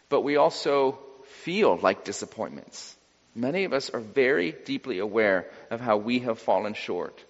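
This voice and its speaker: Conversational preacher in a reverberant church. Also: male voice, medium pitch. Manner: conversational, acts out quoted voices with wry humor. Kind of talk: sermon. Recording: dull sound with long hall reverb.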